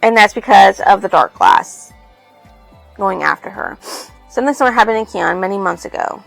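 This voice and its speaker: A woman's voice: medium pitch, wildly swooping pitch, moderate pace, creaky, soft background music, low-quality recording. A woman casually recapping a novel for her channel, rambling and loosely reading out quotes from it. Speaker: book reviewer.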